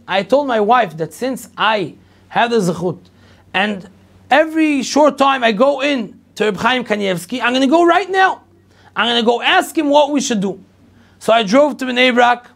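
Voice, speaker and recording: A middle-aged rabbi tells a long personal story to an audience, lively and full of repetition. His voice sits high for a man and has a gravelly, creaky edge. He acts out everyone's lines as he goes. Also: moderate pace. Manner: animated storyteller acting out dialogue, repetitive. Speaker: rabbi lecturer.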